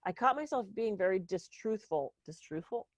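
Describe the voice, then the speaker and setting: A woman's voice: fairly low pitch, brisk, no room sound. A woman co-hosting a podcast as a speaker and coach, telling candid stories about herself in a casual chat. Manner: candid, storytelling, self-deprecating.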